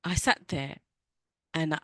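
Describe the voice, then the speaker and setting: A middle-aged woman coach giving an earnest, emotional personal talk to other women, with halting restarts. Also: sits low, fairly even intonation, sharp tone, no echo.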